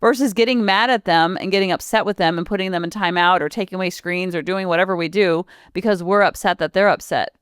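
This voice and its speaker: Chatty mom podcaster in her 40s, smooth voice, dry close mic, rattles off long lists. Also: fairly low pitch, fast talker, hardly any pauses, no room sound. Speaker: parenting podcast host. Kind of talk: casual solo podcast talk.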